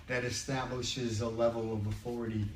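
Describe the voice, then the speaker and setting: An older man leading a Bible study group, chatting conversationally and slowing down to read scripture. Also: mid-range voice, little pitch movement. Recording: roomy, distant mic, faint background noise.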